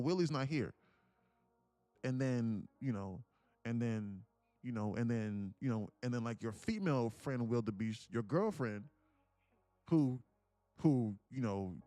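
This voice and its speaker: A man streaming live, casually teaching trading through an animated story, with many fillers and frequent laughter. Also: mid-range voice, dry recording.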